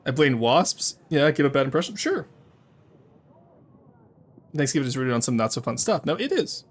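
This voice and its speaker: A man's voice: medium pitch, big pitch swings, normal speed, slightly rough. A man streaming a game, chatting in rambling rants full of restarts. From Canada. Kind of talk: casual live gameplay chat.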